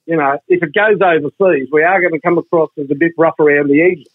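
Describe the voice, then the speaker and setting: A man's voice: a little high, fairly even intonation, fast, phone-quality sound. A man with an Australian accent chatting on radio in a wry, mocking way. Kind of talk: casual radio chat.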